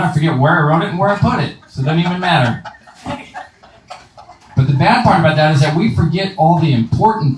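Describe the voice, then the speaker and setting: A man doing a stand-up comedy set in a club, delivering deadpan punchlines and casual crowd work. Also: a little high. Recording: roomy live room, distant mic, faint noise.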